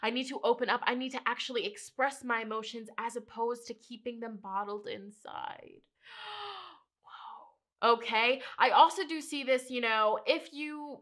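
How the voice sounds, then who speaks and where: A woman's voice: on the high side, fairly bright tone. A young woman giving an emotional, earnest tarot reading to her viewers, often repeating phrases and calling them "you guys". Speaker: tarot reader.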